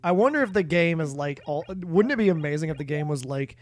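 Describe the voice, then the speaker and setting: A man's voice: a little high, animated, fast talker, hardly any pauses, faint music behind. A tired, sleepy man streaming a game late at night, rambling in casual chat with lots of fillers and restarts that trail off.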